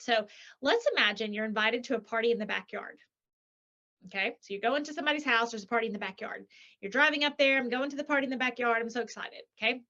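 A woman author, a guest in an interview, talking in a lively way and acting out quoted voices, with many rhetorical "right?"s. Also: on the high side, lo-fi sound. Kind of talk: animated interview talk.

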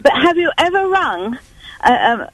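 A woman's voice: high voice, very animated, unhurried, fairly bright tone, no room sound, low-quality recording. A woman calling into a radio phone-in, chatting earnestly and rambling a little. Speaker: caller. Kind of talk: phone-in chat.

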